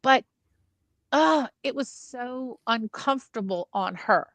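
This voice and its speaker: A woman's voice: a little high, lively intonation, slow pace, dry recording. American woman talking about a movie, lots of ums, dry close sound. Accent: General American. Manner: hesitant, many ums and restarts. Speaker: film review panelist. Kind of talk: casual film discussion.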